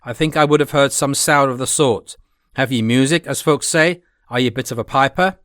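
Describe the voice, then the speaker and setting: A man reading as a proud, touchy Highland piper. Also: brisk, fairly bright tone, no echo, clean studio sound, lightly acted. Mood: challenging. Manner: boastful, touchy.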